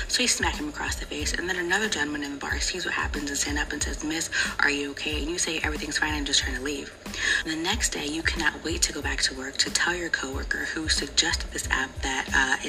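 A woman telling a storytime in a low, half-whispered voice, walking the listener through it as "you". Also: poor audio. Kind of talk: second-person storytime. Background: music.

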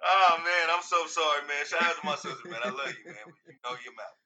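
A man's voice: on the high side, brisk, a crowd in the background, poor audio. A young man co-hosting a podcast, chatting casually and telling stories with lots of swearing and acted-out quotes. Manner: profane, animated storytelling with acted-out quotes. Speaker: podcast co-host. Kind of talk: casual chat.

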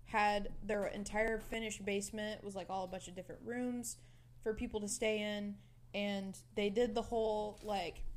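A young woman in her twenties telling a lively story in casual chat, swearing freely and quoting her friend. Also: mid-range voice, slight background noise. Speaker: guest storyteller.

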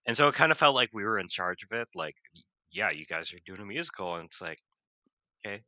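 A man's voice: on the low side, quick pace, no room sound. A male vocal music teacher chatting casually, telling stories with lots of fillers and laughter. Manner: rambling, animated storytelling with many fillers and laughs. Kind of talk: casual podcast chat.

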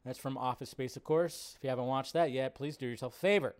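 Hosting a live movie-news stream, a man chats in a laid-back, rambling way packed with fillers. His mid-range voice moves at a quick pace.

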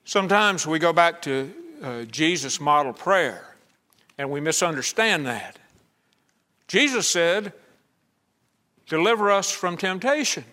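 A man's voice: fairly high pitch, lively intonation, a little slow, pauses often, sharp tone. A man preaching a conversational sermon at a church service, acting out the voices he quotes.

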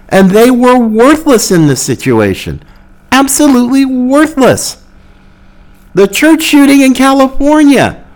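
A man delivers a heated commentary monologue as host of his own podcast. His voice sits high and swings widely in pitch as he argues, and he takes his time with each point. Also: low-quality recording. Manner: impassioned, argumentative, with mocking quotes.

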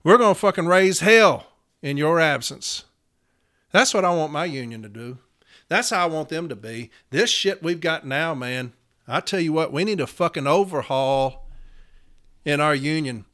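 A man's voice: fairly high pitch, animated, moderate pace, a bit bright. A man, hosting his podcast in an angry, profane solo rant. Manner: furious, profane, fiery. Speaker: podcast host.

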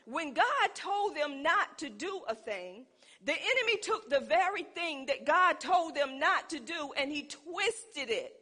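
Fervent high-voiced woman preaching. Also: bright, forceful tone. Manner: call-and-response preaching, rising to fervent emphasis. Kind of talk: sermon.

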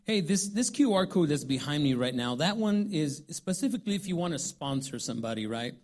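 A pastor giving lively, upbeat church announcements and hyping the congregation. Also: male voice, fairly high pitch, brisk.

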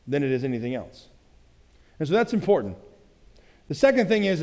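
A man's voice: fairly high pitch, darkish tone, big-room sound. A male pastor giving a conversational sermon, often checking in with "right?" and acting out quoted lines in other voices.

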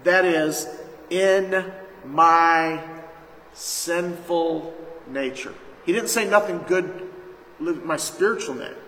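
A man's voice: fairly high pitch, slow, a bit bright. A man preaching a sermon as pastor, emphatic and calling out to his congregation. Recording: echoey hall, faint noise.

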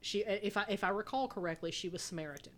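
A woman co-hosts a casual podcast at an everyday mid pitch. She talks in an animated way, laughs often and swears freely. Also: fast, a little hiss or hum. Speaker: podcast co-host. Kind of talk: casual chat.

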